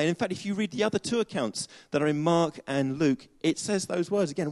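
A man's voice: a little high, sing-song, a little fast, darkish tone. A man preaching a chatty sermon to a congregation, with many fillers and restarts.

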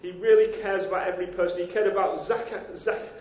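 A pastor with a high, light voice delivers a conversational sermon. He keeps turning to the congregation with direct questions. The sound is echoey, as if it were caught in a church hall. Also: steady tone, brisk, a little mellow, slight background noise.

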